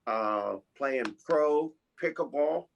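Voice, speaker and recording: A man speaking as a panelist in a casual chat over a video call, halting and full of fillers. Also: fairly high pitch, animated, creaky, lo-fi sound, a little hiss or hum.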